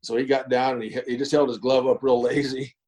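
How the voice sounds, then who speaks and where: A middle-aged man spins a long, folksy yarn as an interview guest. His voice is mellow and relaxed, in the middle of the male pitch range. He talks unhurriedly, with plenty of fillers and chuckles along the way. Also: brisk, low-quality recording. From East Texas. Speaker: guest, former pro baseball pitcher. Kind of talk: casual storytelling interview.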